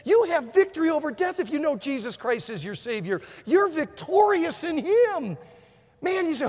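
A man preaching a sermon, telling a story and swinging between hushed and shouted delivery. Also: very high voice, sing-song, normal speed. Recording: long hall reverb.

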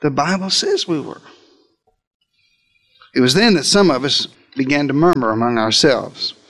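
A man's voice: mid-range voice, animated, moderate pace, fairly bright tone. A male preacher delivering a sermon, retelling scripture as a dramatic first-person story and speaking directly to his listeners.

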